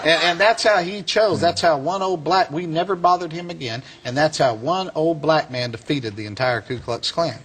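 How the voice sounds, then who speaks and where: A man, a guest in an interview who tells a lively story and often laughs. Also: fairly high pitch, moderate pace, few pauses, slightly rough. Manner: laughing, lively anecdote telling. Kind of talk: animated storytelling.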